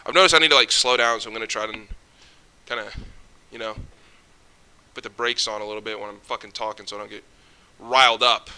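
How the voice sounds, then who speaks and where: A man's voice: on the low side, steady tone, fast, sharp tone, smooth. A young man ranting casually to camera, jittery and stumbling over his words, swearing often. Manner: swears often, rambling restarts. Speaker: vlogger.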